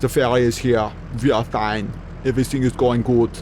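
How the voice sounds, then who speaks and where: A young man plays a game on stream and reads its dialogue aloud in a slow, formal voice, then breaks off for sarcastic, profane jokes. His voice sits at an ordinary male pitch, and a faint hiss runs under the recording. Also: little pitch movement, a little mellow. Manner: joking, swears freely, sarcastic asides. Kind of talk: casual let's-play commentary with voiced dialogue.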